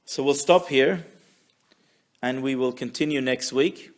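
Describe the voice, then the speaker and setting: A man teaching a weekly Torah class who tells stories in a lively way and acts out the people in them. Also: mid-range voice, measured pace. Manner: animated storyteller, acts out quotes. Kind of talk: storytelling Torah lesson.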